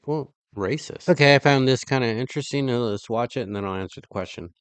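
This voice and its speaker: Rambling sarcastic middle-aged vlog host. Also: male voice, medium pitch, fast talker, smooth, dry recording. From California. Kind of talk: casual commentary reacting to clips.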